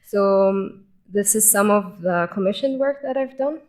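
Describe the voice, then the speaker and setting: A woman's voice: medium pitch, moderate pace. Enthusiastic young woman on stage. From Egypt. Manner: enthusiastic, informal storytelling. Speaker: conference speaker. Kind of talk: personal conference talk. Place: conference stage.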